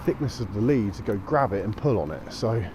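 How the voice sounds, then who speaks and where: A man's voice: lowish voice, lively intonation, fairly quick. A man rambling casually to an action camera while walking his dog outdoors, stopping to call out commands. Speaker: dog walker vlogger. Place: outdoors on streets and fields at dusk. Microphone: action camera mic. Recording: outdoor action camera with clear traffic noise. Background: traffic and street noise.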